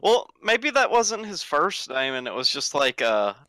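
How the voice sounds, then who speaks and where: A man's voice: a little high, sing-song, unhurried, sharp tone, no room sound. A man co-hosting a podcast in casual chat, often trailing off while searching for words. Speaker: podcast co-host.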